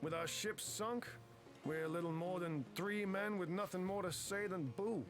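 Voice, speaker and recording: An actor with a British accent voicing a stranded merchant sailor in a fantasy video game, grumbling and rueful. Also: male voice, high-pitched, measured pace, faint music behind.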